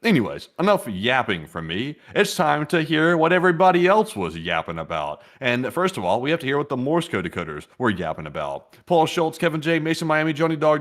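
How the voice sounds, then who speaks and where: A man's voice: on the high side, a bit bright. A man co-hosting a casual livestream, reading viewer messages aloud and rambling with chuckles. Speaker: co-host reading super chats.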